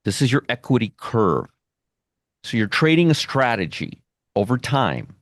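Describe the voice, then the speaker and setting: A man's voice: mid-range voice, big pitch swings, a little slow, fairly bright tone, no echo, clean studio sound. A man teaching a trading lesson at a whiteboard, emphatic, repeating phrases and checking in with "okay?". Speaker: trading educator.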